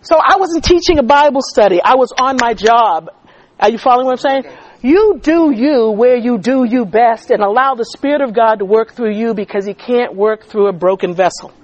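A woman's voice: fairly high pitch, normal speed, dull audio. A woman who is a teacher and former coach telling a story in a church-style talk, often checking that listeners follow her. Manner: animated preacher cadence, checking in with listeners.

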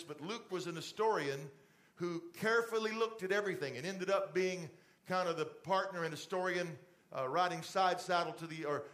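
Preaching conversationally from a church stage, this middle-aged pastor has a voice that sits fairly high for a man. He lowers it to a gentle, fatherly register whenever he turns to speak straight to the congregation.

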